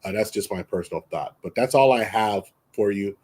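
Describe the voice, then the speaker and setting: A man's voice: on the low side, brisk, a little mellow, a little hiss or hum. A man with family roots in Texas, co-hosting an interview on a video call, talking in emphatic, rambling bursts full of restarts. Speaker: co-host. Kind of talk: casual interview chat.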